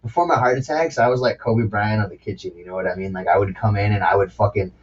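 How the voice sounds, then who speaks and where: Casual podcast host, profane, dull sound. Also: male voice, on the low side, fast talker, husky. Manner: casual, profane, laughs often. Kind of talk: casual chat.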